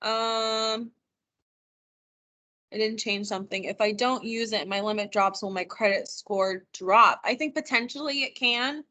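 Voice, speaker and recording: A woman teaches a virtual money skills class over a computer microphone, chatty and encouraging. Her voice sits a little high and sounds bright and forward. She often stops to answer questions from the people attending. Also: unhurried. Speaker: financial wellness trainer. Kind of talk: live virtual training session. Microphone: computer mic on a video call.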